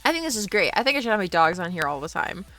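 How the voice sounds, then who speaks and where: A woman's voice: medium pitch, sing-song, rapid-fire, fairly bright tone, faint music behind. A young woman streaming from her home art studio, chatting and giggling as she talks to her dogs. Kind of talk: casual live-stream chat.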